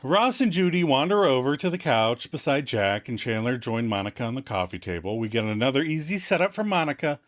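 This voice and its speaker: A man co-hosting a casual podcast, recapping scenes and acting out the characters' lines in quick voices. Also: mid-range voice, sing-song. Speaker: podcast co-host recapping episodes.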